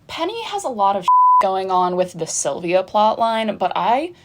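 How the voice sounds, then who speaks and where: A woman in her twenties recapping a TV season in a chatty, animated way with sarcastic asides. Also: medium pitch, unhurried, very noisy. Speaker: pop culture vlogger. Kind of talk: casual TV recap.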